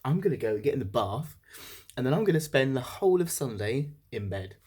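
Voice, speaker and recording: A man's voice: mid-range voice, sing-song, brisk, darkish tone, breathy edge. A young man vlogging in a casual, candid way, joking about himself. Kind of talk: casual monthly vlog.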